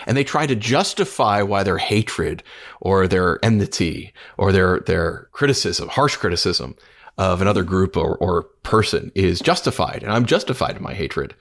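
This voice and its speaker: A man's voice: lowish voice, lively intonation, moderate pace, gravelly. A man who has been in ministry for years, co-hosting a faith podcast and talking earnestly, with frequent restarts. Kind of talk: casual devotional discussion.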